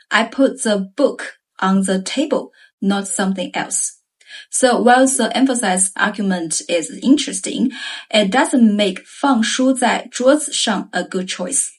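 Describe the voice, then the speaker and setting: Woman, Chinese teacher, unhurried pace, slightly husky voice, careful example sentences. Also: mid-range voice. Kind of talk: scripted language lesson.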